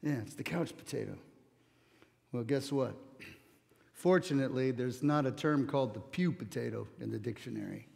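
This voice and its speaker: A pastor at moderate pace, with a medium-pitched, slightly mellow voice and vocal fry, reads scripture and delivers a sermon. He tells stories simply, adding light humor. The church sanctuary produces long hall reverb.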